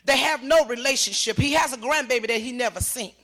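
High, bright-voiced older woman testifying emphatically. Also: quick pace. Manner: emphatic, repetitive, voice rising to shouts. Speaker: mother giving testimony. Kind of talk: emotional personal testimony.

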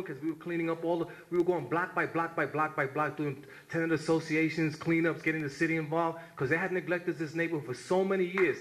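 A man's voice: fairly high pitch, steady tone, fast talker, hardly any pauses, fairly bright tone, roomy sound, rough recording. A man giving an impassioned tribute at a community gathering, repeating himself and reading his own poem. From New York. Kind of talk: spoken memorial remarks and poetry reading.

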